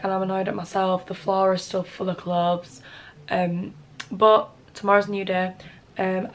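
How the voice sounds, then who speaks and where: A woman's voice: mid-range voice, vocal fry. A young woman in her twenties with a Northern English accent, chatting casually to camera in a rambling vlog, full of fillers. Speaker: vlogger.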